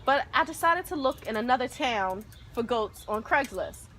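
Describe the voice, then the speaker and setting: A woman telling a story on her vlog, animated and dramatic, acting out loud quotes. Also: a little high, normal speed, a little hiss or hum. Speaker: vlogger.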